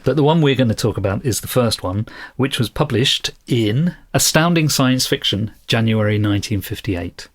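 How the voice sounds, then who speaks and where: A man's voice: mid-range voice, animated, moderate pace, few pauses. A man co-hosting a book discussion podcast, talking in a thoughtful, self-deprecating way and explaining at length. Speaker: podcast co-host.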